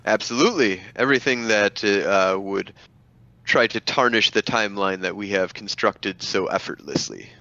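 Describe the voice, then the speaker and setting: A man's voice: on the low side, normal speed, sharp tone, no echo, dull audio. A man voicing a dapper, showy male facility greeter with a grandiose, theatrical way of speaking.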